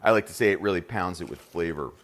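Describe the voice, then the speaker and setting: A man's voice: deep voice, expressive, quick pace. A middle-aged man with a New Jersey accent, hosting a live cooking demonstration in a kitchen and chatting enthusiastically to viewers. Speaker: chef and host.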